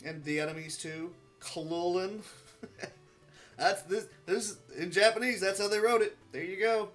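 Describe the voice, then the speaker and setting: Male speedrunner, a touch high-pitched, muttering dry asides over faint game music. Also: normal speed, a bit bright. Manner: muttered, wry asides to himself. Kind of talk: live gameplay commentary.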